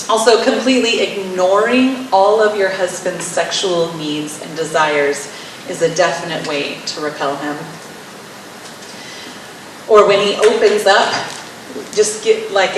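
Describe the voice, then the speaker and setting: A woman teaching wives about marriage, wry and playfully sarcastic, often acting out little scenes. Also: fairly low pitch. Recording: very echoey room, mic far off, faint hiss.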